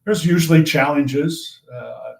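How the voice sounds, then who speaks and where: An older man, a sports play-by-play broadcaster, answering questions in a measured, thoughtful way, often restarting his phrases. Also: a little high, creaky, darkish tone. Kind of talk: casual interview answers. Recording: roomy echo.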